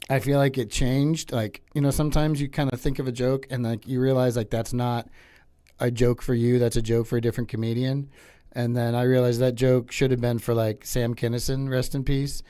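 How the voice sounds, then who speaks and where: A man's voice: medium pitch, mellow, dry recording. A man hosting a podcast in a studio, chatting casually in a rambling, filler-heavy way. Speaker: podcast host and comedian. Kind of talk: casual chat.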